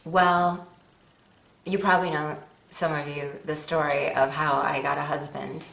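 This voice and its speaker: A woman's voice: deep voice, little pitch movement, unhurried, vocal fry, a bit bright, slight background noise. A woman actress and advocate making a personal appeal to viewers from home, earnest and rambling, with a self-deprecating humor. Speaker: actress and animal-rights advocate. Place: at home with her dog nearby. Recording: roomy echo.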